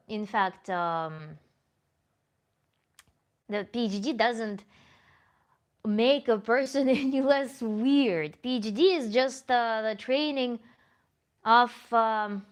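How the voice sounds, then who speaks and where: Slightly high woman hosting a livestream Q&A. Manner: thoughtful, self-correcting, with small laughs. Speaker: tantra coach and host. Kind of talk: livestream Q&A, reading chat comments.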